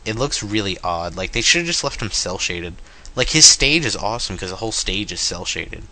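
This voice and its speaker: Male podcast co-host, low but bright voice, rambling casual gaming chat. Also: very animated, moderate pace. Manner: rambling, jokey, mocks companies in made-up dialogue.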